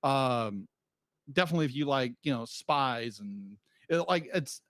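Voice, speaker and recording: A man's voice: medium pitch, animated, measured pace, a bit bright, no room sound. A man co-hosting a podcast in casual chat, rambling with frequent restarts and laughs. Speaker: podcast co-host.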